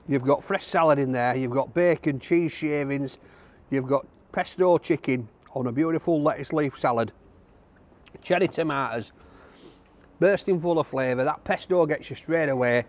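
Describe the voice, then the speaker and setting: A man's voice: a little high, a little mellow. A man reviewing a takeaway outdoors, chatting and gushing over every bite. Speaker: food reviewer. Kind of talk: casual food review to camera.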